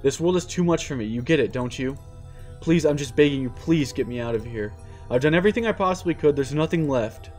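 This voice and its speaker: A man reading aloud as a despairing young man, a former high school student trapped in a war, in a pleading, self-pitying way. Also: animated, fairly quick, darkish tone, faint music behind, natural voice. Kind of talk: reading a visual novel aloud.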